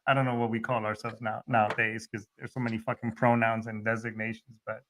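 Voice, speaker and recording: A man's voice: lowish voice, level tone, fast talker, a bit bright, a little hiss or hum. A middle-aged man hosting a podcast in a casual chat, profane and rambling with many restarts. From Hispanic background. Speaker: podcast host.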